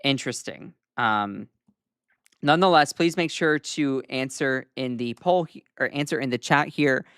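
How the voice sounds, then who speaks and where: A Southern-accented man talks through the news on a livestream. His tone is casual and wry, and he often pauses on "um." His voice sits at a medium pitch and sounds close and dry, with no room echo. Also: fairly bright tone, clean tone. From Southern United States. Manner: casual, chatty, frequent "um" fillers, wry asides. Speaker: host.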